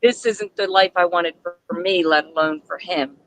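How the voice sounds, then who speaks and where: A woman guests on a live-stream chat with a bright, clear tone. She talks haltingly and softly, often breaking off to restart a sentence. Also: fairly low pitch, rough recording. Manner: halting, soft-spoken, with many restarts.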